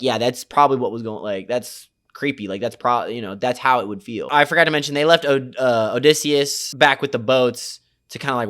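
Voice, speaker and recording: A man's voice: medium pitch, a bit bright, clean tone. A young man giving a casual, slang-heavy and profane movie recap, rambling with lots of fillers. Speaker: movie reviewer.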